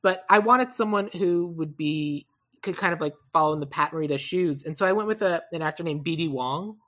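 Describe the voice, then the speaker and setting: A woman co-hosting a casual podcast, talking through casting picks in a rambling, self-correcting way with animated asides. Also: sits low, brisk. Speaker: podcast co-host. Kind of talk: casual chat about movie casting.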